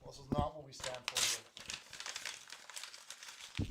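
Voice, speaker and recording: Halting man reading chat aloud. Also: mid-range voice, steady tone, noisy background. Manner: halting, repeats words, many restarts. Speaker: livestream host reading chat. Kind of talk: casual livestream chat.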